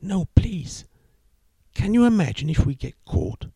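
A man's voice: high voice, big pitch swings, unhurried, vocal fry, dark tone, husky, no room sound, clean studio sound, voice pushed up, heavily acted. A man doing a flustered young woman. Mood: alarmed pleading. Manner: pleading, protesting.

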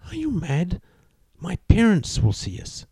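A man's voice: sits high, expressive, slow, gravelly, mellow, slightly rough, no room sound, clean studio sound, pitched above the performer's own voice, full character voice. A man voicing a nervous young woman who keeps refusing her date's pleas for a kiss, in a spoken joke. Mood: alarmed pleading. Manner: pleading, protesting.

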